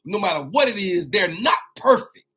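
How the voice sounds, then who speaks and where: A man's voice: sits high, big pitch swings, sharp tone, breathy edge. A man hosting a preachy motivational talk, repeating his lines and calling out to listeners between points. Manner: repeats lines, call-and-response asides; drawn-out exclamations. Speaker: motivational host.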